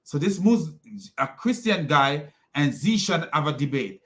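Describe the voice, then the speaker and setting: A man with a foreign accent delivers mocking reaction commentary on video clips. His voice is bright and fairly high, and he laughs often as he scoffs. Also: expressive, a little slow. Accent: non-native English. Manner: scornful, frequent laughter.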